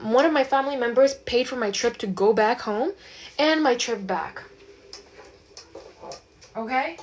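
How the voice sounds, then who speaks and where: A woman with a fairly high voice vents in a casual vlog, swearing freely and hammering her points. Her delivery rambles and restarts. The recording sounds dull and lo-fi. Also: a little slow. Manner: emphatic, profane, rambling. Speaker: manifestation vlogger.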